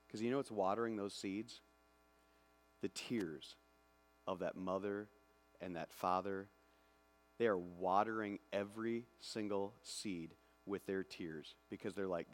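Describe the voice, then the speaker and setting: A male pastor preaching a sermon, swinging from hushed, slow passages to loud, excited ones. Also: lowish voice. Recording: long hall reverb.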